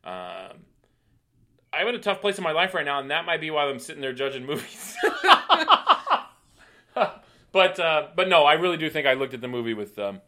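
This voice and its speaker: A middle-aged man co-hosting a podcast, ranting animatedly in casual chat and getting loud with exasperation. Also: fairly high pitch. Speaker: podcast co-host.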